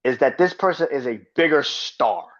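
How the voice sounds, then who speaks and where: A man's voice: medium pitch, expressive, moderate pace, fairly bright tone. A man hosting his own podcast, ranting in a heated, profane and emphatic way. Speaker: podcast host. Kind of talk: solo podcast rant. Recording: dull lo-fi sound.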